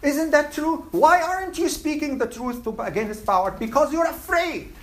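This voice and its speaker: A religious teacher giving a classroom lecture, animated and quizzing the students as they go. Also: high-pitched, moderate pace. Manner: animated, asks the class questions.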